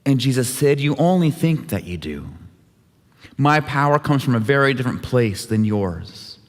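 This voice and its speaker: A man's voice: mid-range voice, very animated, moderate pace. A man leading a church service, telling a scripture story with light voicing of each character. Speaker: worship leader. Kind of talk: dramatic scripture retelling. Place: church sanctuary. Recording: long hall reverb.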